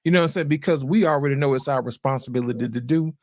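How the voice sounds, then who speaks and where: A man's voice: medium pitch, very fast, darkish tone, no echo, clean studio sound. A man hosting a casual panel discussion, calling on guests and often asking "you know what I'm saying".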